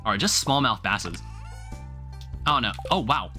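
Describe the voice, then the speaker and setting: A man's voice: lowish voice, very animated, unhurried, pushed and bright. A young man chatting casually on a live stream while he plays a game, thinking aloud in a rambling way with lots of filler words. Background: faint game music.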